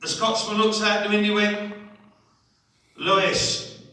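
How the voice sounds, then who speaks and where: A man's voice: sits high, monotone, fairly quick, sharp tone, very echoey, distant mic. A man, doing a live stand-up routine and chatting with the crowd. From England. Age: 60s. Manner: chatty, keeps asking the crowd "right?". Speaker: stand-up comedian. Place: holiday village entertainment hall.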